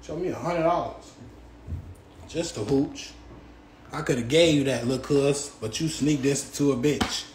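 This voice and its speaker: A man's voice: medium pitch, measured pace, long pauses, a little mellow, echoey room, a little hiss or hum. A young man, ranting angrily and profanely at a rival, repeating street tags like "gang" and "on tape". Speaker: rapper ranting on a livestream. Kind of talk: angry ranting rant.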